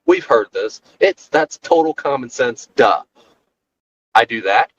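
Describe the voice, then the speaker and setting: Animated man ranting in his car. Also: medium pitch, a little slow, highs cut off. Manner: animated, jokey, rhetorical. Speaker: podcast co-host. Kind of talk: solo rant recorded while driving.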